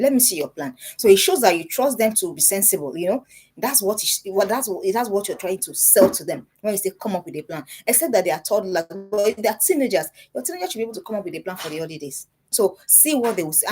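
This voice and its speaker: A middle-aged woman giving parenting advice to parents, animated and repeating herself for emphasis. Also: medium pitch, a little hiss or hum. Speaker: parenting speaker.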